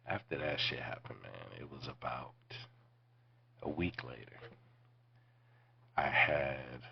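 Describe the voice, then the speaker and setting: Podcast host, man in his 40s, extremely low voice, laid-back and foul-mouthed storyteller, muffled lo-fi sound. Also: vocal fry, slightly rough. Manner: profane, laid-back, drops to near-whispers. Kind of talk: casual storytelling.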